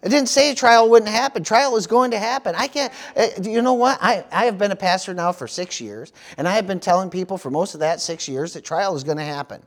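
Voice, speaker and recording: A man's voice: high-pitched, animated, a little fast, hardly any pauses. A middle-aged man from the United States preaching a sermon as pastor, peppering his talk with "praise the Lord" and "amen.".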